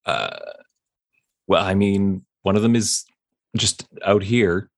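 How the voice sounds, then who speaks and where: A man speaking in character during a tabletop game, earnest and hesitant. His voice is very deep and his delivery slow, with frequent pauses. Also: vocal fry. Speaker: player. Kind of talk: in-character tabletop role-play.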